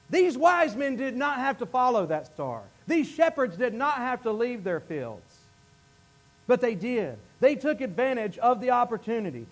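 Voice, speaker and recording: A man with a very high voice delivers an impassioned sermon as a pastor. He rises to loud, emphatic peaks, then drops to hushed, intimate lines, and he repeats phrases and stumbles over words as he presses his point.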